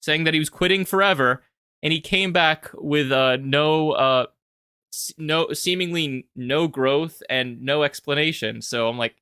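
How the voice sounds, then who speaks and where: A young man talking casually about his own video as a commentator, animated and rambling, with frequent restarts. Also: on the high side, a little slow, smooth, no echo, clean studio sound. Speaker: YouTube commentator.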